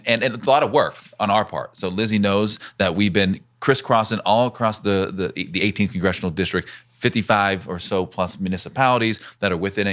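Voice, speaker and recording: Deep-voiced guy on a podcast, earnest campaign talk, kinda speechy. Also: fairly bright tone. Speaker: congressional candidate, guest. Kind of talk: podcast interview.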